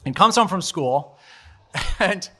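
Man, 40s, live storyteller on a stage mic; high, bright, chatty, laughs as he goes. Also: animated, slow. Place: live storytelling show at a bar venue.

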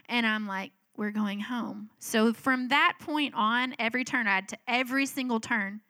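Bright, animated woman storyteller. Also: fairly high pitch, moderate pace, hardly any pauses, no echo. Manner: animated storyteller acting out voices. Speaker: speaker at a church talk. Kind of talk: storytelling sermon.

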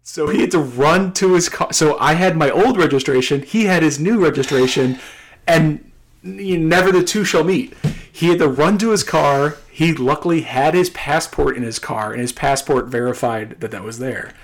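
A man's voice: on the high side, moderate pace. A young man casually telling a long, exasperated anecdote, acting out the people he quotes. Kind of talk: casual storytelling.

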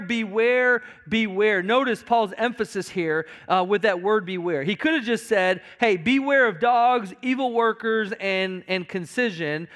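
A man's voice: high-pitched, fairly bright tone. A male pastor preaching a sermon to his congregation, emphatic, with frequent repetitions and stammered restarts. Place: church sanctuary.

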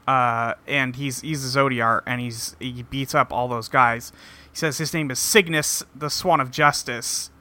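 A man's voice: mid-range voice, steady tone, measured pace, sharp tone. A man hosting a casual podcast, recapping TV episodes and briefly acting out the characters' lines, with casual swearing. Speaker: podcast host recapping a show.

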